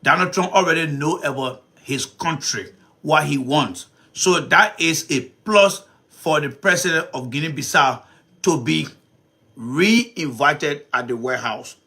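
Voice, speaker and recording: A man hosting a live commentary stream, animated and repetitive, talking straight to his viewers. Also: fairly high pitch, measured pace, husky. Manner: animated, repeats himself, talks to viewers as folks. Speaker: commentary show host.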